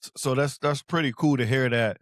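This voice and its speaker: A man's voice: medium pitch, fairly quick, dry recording, studio quality. A man hosting a casual podcast chat, rambling and repeating words as he talks. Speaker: podcast host.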